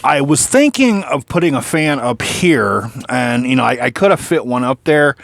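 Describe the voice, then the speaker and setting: A mid-range, lively male voice with vocal fry moves at normal speed as he gives a casual walkthrough of his own PC build. He has the hiccups and rambles, full of fillers, often restarting sentences and swearing a little.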